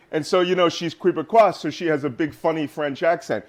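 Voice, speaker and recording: A man guest in a casual interview, telling lively stories and laughing often. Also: on the high side, a little fast, hardly any pauses. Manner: animated storyteller, laughs often.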